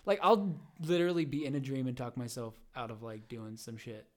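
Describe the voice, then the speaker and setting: Young man, podcast guest, casual rambling chat, middle pitch, lots of fillers. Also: fairly quick. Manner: rambling, animated storytelling with many fillers and acted-out quotes.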